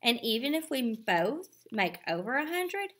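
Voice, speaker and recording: A woman's voice: a little high, sing-song, measured pace, a bit bright, pitched above the performer's own voice, full character voice. A woman doing a bossy, boastful little girl. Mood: scheming. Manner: snappy, boastful. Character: quick-tempered young girl, proud and bossy.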